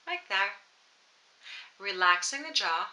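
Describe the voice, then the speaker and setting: A woman voice teacher leading a playful, encouraging vocal warm-up lesson straight to camera. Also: mid-range voice, lively intonation, slow pace, poor audio. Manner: playful, encouraging, demonstrates exercises. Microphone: camera mic, close framing.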